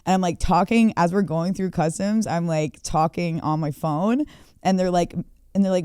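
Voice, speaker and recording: A woman's voice: on the low side, moderate pace, clear, resonant tone, no echo, studio quality. Chatty swearing woman telling a wild story. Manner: animated, swearing, many "like" fillers, laughing often. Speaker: guest, DJ. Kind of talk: casual storytelling chat.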